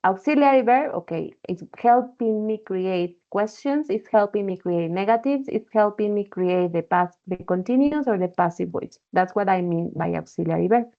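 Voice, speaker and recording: A woman's voice: mid-range voice, moderate pace, few pauses. Woman, English teacher, patient explaining, muffled call audio. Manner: explains patiently, often checking with "okay?". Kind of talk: online class instruction.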